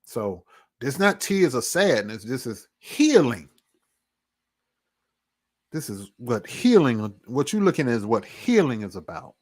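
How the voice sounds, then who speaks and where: A man's voice: mid-range voice, sing-song, unhurried, pauses often, darkish tone. Earnest man giving a personal testimony. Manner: earnest, reflective storytelling. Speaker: vlogger.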